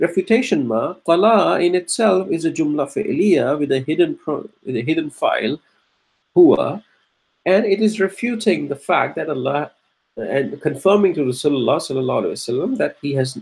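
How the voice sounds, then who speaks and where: Higher-voiced man teaching grammar. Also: a little mellow. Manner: explains step by step with frequent restarts and throat-clearing; chants Quranic verses between explanations. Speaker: Arabic teacher. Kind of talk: grammar lesson.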